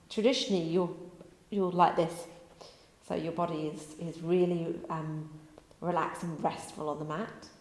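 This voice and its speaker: A woman teaching a gentle beginner yoga class, giving chatty, rambling cues in an easygoing way. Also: medium pitch. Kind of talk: guided yoga instruction. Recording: echoey room with long reverb.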